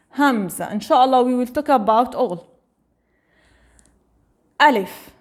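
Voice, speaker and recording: A woman teaching the alphabet, repeating each letter slowly for the listener to echo. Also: fairly high pitch. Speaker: Arabic teacher. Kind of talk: slow spoken alphabet lesson.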